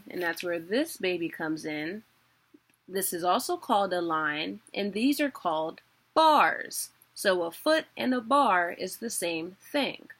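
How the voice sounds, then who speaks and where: Woman teacher, casual self-correcting delivery, unhurried, bright timbre. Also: on the low side. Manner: chatty, self-correcting, laughs at own mistakes. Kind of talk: casual video lesson.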